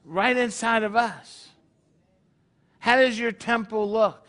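A man's voice: extremely high pitch, steady tone, slow pace, a bit bright. A man leading his congregation in a conversational sermon, full of rhetorical questions. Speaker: congregation leader.

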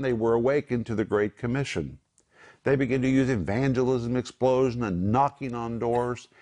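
A man's voice: mid-range voice, darkish tone. A man co-hosting a Christian program, teaching from the Bible in an emphatic preaching cadence.

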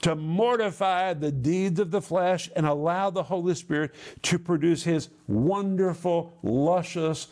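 A man preaching a Bible lesson with a slightly higher-than-average voice. He speeds through some phrases, then slows way down to lean hard on key words. His delivery is emphatic and insistent. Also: darkish tone. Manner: emphatic, sweeping shifts from quick bursts to slow drawn-out stresses. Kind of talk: televised Bible teaching.

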